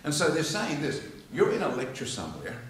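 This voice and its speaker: An Australian man teaching public speaking to a live audience, telling stories and acting out quotes in an animated way. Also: on the high side, brisk, slight background noise. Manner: animated storyteller, acts out quotes and laughs along. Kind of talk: informal lecture with demonstrations. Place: church hall with live audience. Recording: echoey hall from far off.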